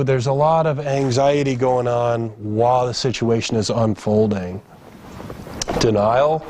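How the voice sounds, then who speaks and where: In a training room, a man gives emergency staff a grief training lecture in a conversational style, raising his voice to act out what family members say. His mid-range voice is steady, darkish, and a little slow, with no echo.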